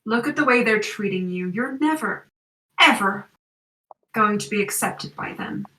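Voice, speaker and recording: A smug, silver-tongued villain coaxes a hero to switch sides, smooth and condescending, as a woman game master plays him. The voice sits at an ordinary middle pitch and rings with room echo. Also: takes it slowly, a bit bright, far from the mic. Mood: persuasive. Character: scheming male wizard villain tempting a hero.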